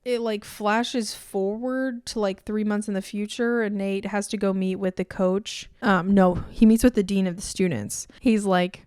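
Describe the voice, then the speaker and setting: A woman's voice: mid-range voice, moderate pace, hardly any pauses, a little mellow, no echo, studio quality. A young woman in her twenties recapping a romance novel in a casual vlog, sarcastic and rambling, swearing freely. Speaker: book reviewer. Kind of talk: casual book review vlog.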